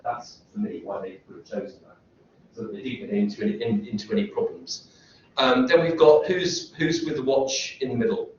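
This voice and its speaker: Briskly and in a mid-range voice, a man gives a rambling university lecture, frequently interrupting himself and asking students rhetorical questions. The recording comes from a distance in an echoey lecture room, sounding dull, with a little hiss or hum.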